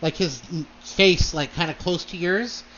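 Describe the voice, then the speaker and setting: A high-voiced man narrating as game master, slow and hesitant, with lots of fillers between his words. The sound is dull and lo-fi, with faint noise behind him. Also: fairly bright tone. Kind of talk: narrating a tabletop role-play.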